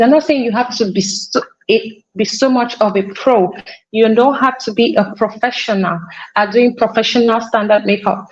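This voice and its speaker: A woman's voice: on the high side, lo-fi sound. A young woman from Nigeria, a makeup artist, giving a conference talk in an instructive way and repeating her key points for emphasis. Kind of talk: conference presentation.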